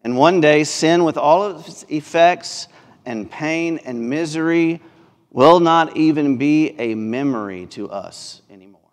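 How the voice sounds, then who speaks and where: His voice runs a little high and unhurried as he delivers a sermon in a Mississippi Southern accent. The pastor stays earnest, building through repetition, while the church sanctuary adds a long reverb.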